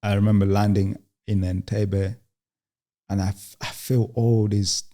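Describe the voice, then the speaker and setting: A young man from Uganda, a guest in an interview, telling his story in a halting way with many restarts and quoted lines. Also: fairly low pitch, little pitch movement, dark tone. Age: young adult.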